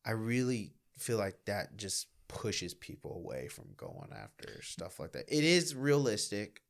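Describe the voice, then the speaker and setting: A young man and stand-up comic, telling stories in a rambling, animated way and swearing often in casual podcast chat. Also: lowish voice, a little slow, creaky.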